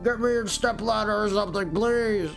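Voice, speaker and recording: A man's voice: high voice, normal speed, a bit bright, soft background music. A man talking in a whiny, timid way.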